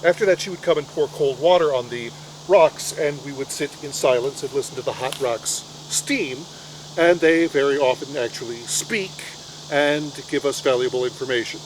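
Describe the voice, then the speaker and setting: A man's voice: mid-range voice, moderate pace, slight background noise, poor audio. A middle-aged man performing a comic storytelling monologue in a wry, anxious, self-mocking way.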